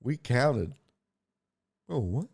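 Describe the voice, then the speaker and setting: Young guy hosting a sports podcast, swears a lot, voice jumps all over, kinda slow. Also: mid-range voice, gravelly, husky. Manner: profane, animated, joking. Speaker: podcast host. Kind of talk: casual sports talk.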